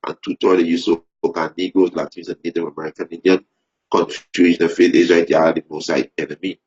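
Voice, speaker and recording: A man preaching fervently, repeating phrases, restarting sentences and rising into loud emphasis. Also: low voice, flat delivery, fast. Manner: repetitive, stumbling restarts, rising to shouted emphasis. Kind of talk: impassioned preaching. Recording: dull lo-fi recording.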